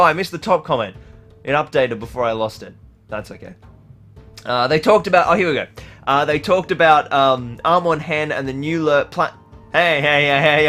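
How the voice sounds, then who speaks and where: This young Australian man has a medium-pitched, slightly bright voice as he hosts a casual livestream and reads out the chat. He rambles, laughs often and uses plenty of fillers.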